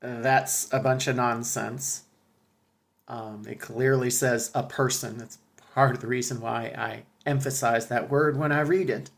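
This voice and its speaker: A man talking casually to his viewers, halting with fillers and restarts, then reading a passage aloud. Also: mid-range voice, fairly even intonation, gravelly. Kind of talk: casual commentary with a read-aloud excerpt.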